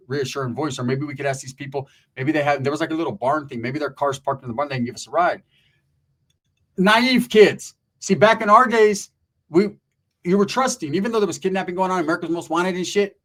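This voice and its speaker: Brief: middle-aged man, crude comic storyteller, animated, voice a touch high. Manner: crude, animated, breaks into mock singing. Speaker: comedic storyteller. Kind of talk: profane comedic storytelling.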